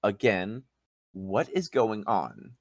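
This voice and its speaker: A dazed young noble paladin-in-training, polite and formal, stumbling over his words in a tabletop game, as a man puts him on. The voice is low and very dry. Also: very animated, no echo, exaggerated voice. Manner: halting, formal and courteous.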